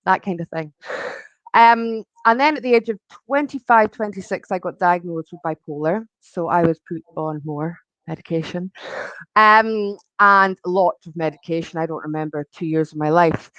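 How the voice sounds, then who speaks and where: A woman's voice: on the low side, no room sound, low-quality recording. A woman in her forties, a guest telling her own story in a loose, chatty way full of ums and likes. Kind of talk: personal storytelling in conversation.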